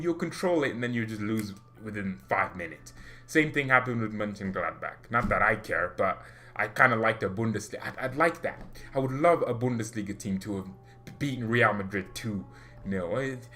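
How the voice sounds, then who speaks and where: A man in an animated, exasperated rant. His pitch swings widely as he vents, now and then breaking into laughter, and a faint bed of music plays behind him. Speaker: football fan channel host. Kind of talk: heated casual fan rant.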